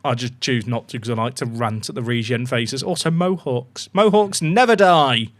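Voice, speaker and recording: Talking to his chat while he plays a football management game on stream, a young man from England commentates live in an excitable, chatty way, with casual swearing. He speaks at medium pitch and normal speed.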